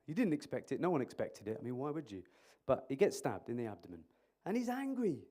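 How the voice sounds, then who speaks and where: Quizzing his audience and cracking jokes, a man presents as an emergency clinician in a conference hall over a microphone. His voice is medium in pitch and fast, and the interactive talk is animated.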